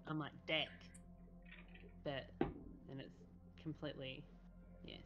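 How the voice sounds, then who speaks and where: Low-voiced New Zealand woman chatting. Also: normal speed, very noisy. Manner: giggly, chatty, reads out viewer comments. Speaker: streamer host. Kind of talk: casual live-stream chat. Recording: dull lo-fi stream audio with faint music.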